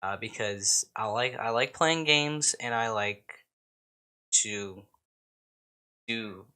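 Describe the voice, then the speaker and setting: A man's voice: lowish voice, slow, bright, forceful tone. A man from the United States rambling casually to camera as a YouTuber, swearing often and poking fun at himself. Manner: rambling, swearing and self-mocking. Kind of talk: casual vlog chat.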